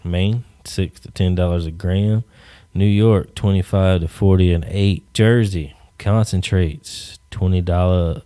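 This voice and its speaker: Deep-voiced, profane podcast host. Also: male voice, steady tone, measured pace, dark tone, clear, resonant tone, no room sound. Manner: rambling, profane, jokey asides. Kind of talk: casual solo rant.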